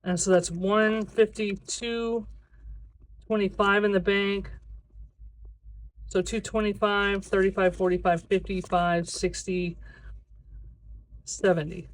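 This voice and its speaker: A budgeting video creator in a casual vlog, talking to themself while counting cash aloud, sometimes slipping into a drawn-out sing-song cadence. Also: medium pitch, level tone. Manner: chatty self-talk, counting money aloud.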